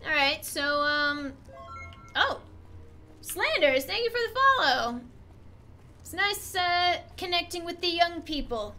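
A woman's voice: extremely high pitch, lively intonation, slow pace, pauses often, sharp tone, faint music behind. A young woman from Texas chatting casually and crudely while streaming a game.

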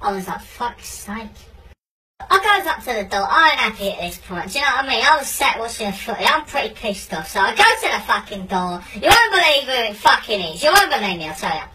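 A woman voicing a brash, foul-mouthed male meerkat geezer, telling a comic monologue full of swearing and shouted rants. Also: fairly high pitch, big pitch swings, brisk, husky, exaggerated voice, low-quality recording. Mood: grumbling.

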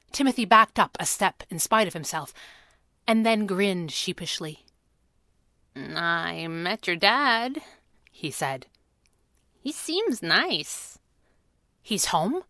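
A woman reading a children's chapter book aloud with expressive, measured storytelling. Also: medium pitch, dry recording, studio quality. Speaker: audiobook reader. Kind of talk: scripted storybook narration.

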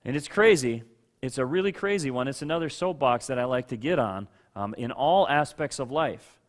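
A man's voice: medium pitch, expressive, normal speed. A male pastor and father giving a sermon in a conversational way, asking questions of listeners by name and at times raising his voice for emphasis. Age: adult with children. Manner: conversational preaching, rising to loud rhetorical outbursts.

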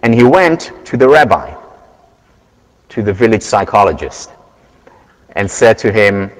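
A man giving a university lecture, earnest and measured, telling stories to make his point. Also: lowish voice, big pitch swings. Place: large lecture hall. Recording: lecture hall with long reverb.

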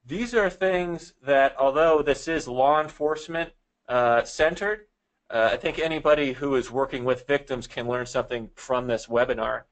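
A man's voice: medium pitch, normal speed, low-quality recording. Man, law enforcement trainer hosting a webinar; casual, filler-heavy delivery. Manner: relaxed, many fillers.

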